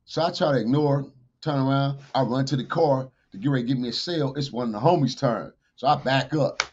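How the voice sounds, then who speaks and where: A man, a podcast guest telling a street story with profanity, acted-out dialogue and shouted sound effects. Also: medium pitch, fairly quick, a little hiss or hum. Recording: dull lo-fi podcast audio.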